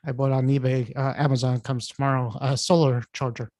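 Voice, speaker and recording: A man's voice: mid-range voice, little pitch movement, brisk, darkish tone, dry recording, studio quality. A man co-hosting a podcast, telling rambling anecdotes with restarts and laughter. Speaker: podcast co-host. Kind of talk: casual chat.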